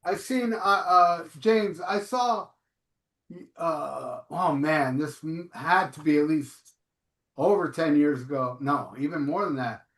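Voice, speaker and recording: Male host, hesitant questioner; slightly high voice, echoey room, off-mic. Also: takes it slowly, a bit bright, recorded from a distance. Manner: hesitant, searching for words. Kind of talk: casual interview.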